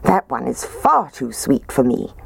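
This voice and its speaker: A picky little storybook girl grumbles in breathy, half-whispered tones, as a woman puts her on. Her voice sounds husky and dry, with the room left out entirely. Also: very deep voice, big pitch swings, measured pace, no room sound, full character voice. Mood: fussy.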